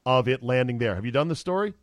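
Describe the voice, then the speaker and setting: Male podcast host, lively swooping delivery, dry close sound, jokey banter. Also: mid-range voice, quick pace, no room sound. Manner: animated, jokey, riffing. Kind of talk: casual radio banter.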